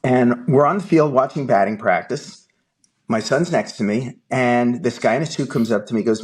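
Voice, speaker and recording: An older man, a film producer guest, telling a long anecdote in an animated way and acting out the dialogue. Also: mid-range voice, normal speed. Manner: lively anecdotal storyteller, acts out dialogue. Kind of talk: animated storytelling.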